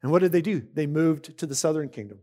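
A man's voice: on the high side, animated, fast talker, mellow. A man preaching a sermon, reading scripture aloud and explaining it in a conversational way, often asking his listeners questions. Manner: reads scripture aloud between comments. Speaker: pastor. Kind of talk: sermon teaching.

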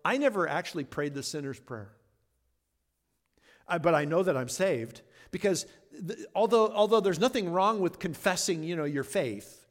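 A man pastor preaching a sermon in an earnest, conversational way, leaning on words for emphasis. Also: fairly high pitch. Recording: long reverb of a large hall.

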